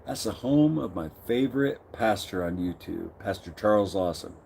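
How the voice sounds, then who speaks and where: Mellow-voiced middle-aged man greeting stream viewers. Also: lowish voice, animated, moderate pace, creaky, a little hiss or hum. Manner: greets viewers by name, reads chat comments aloud. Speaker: live stream host. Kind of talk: casual live stream chat.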